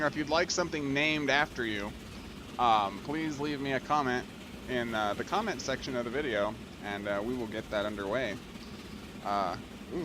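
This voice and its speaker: Excitable man narrating gameplay. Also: a little high, moderate pace, background noise. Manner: excitable, gushing, laughs often. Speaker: let's play host. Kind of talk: gameplay commentary.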